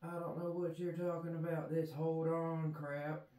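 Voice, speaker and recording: A man's voice: fairly high pitch, level tone, measured pace, mellow, reverberant, recorded from a distance, slight background noise, close to an everyday voice. A man voicing a sassy indignant raccoon. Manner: exasperated, complaining.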